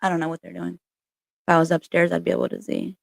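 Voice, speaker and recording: A woman's voice: lowish voice, monotone, fast talker, gravelly, no echo. A woman hosting a casual livestream chat as a spiritual reader at home, candid and chatty, with plenty of swearing. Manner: candid, chatty and profane, with frequent laughs. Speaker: spiritual reader and channel host.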